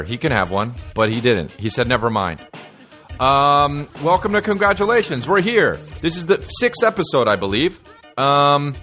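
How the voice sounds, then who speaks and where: A man's voice: mid-range voice, sharp tone. A man from New Jersey, a comedian hosting his podcast, talking in a rambling, playful, profane monologue.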